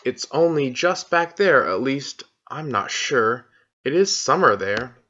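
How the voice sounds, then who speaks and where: A man's voice: mid-range voice, animated, a little slow, pushed and bright. Casting note: a man doing a polite, earnest little girl for a storybook reading, slightly puzzled, on a dull lo-fi recording. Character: polite curious young girl.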